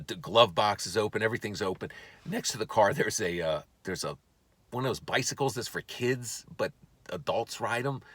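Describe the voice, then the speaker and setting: Low-voiced man telling a comedic story. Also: no room sound. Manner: animated, profane, stammering restarts.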